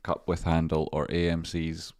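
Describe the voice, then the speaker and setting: A man with a low voice runs a trading livestream, chatting loosely over his charts. He swears freely and keeps breaking off to greet viewers. The sound is close and dry, with no room around it. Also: completely flat delivery, moderate pace, a little mellow, dry recording. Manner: rambling, profane, chatty asides to viewers. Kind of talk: casual live-stream chart commentary.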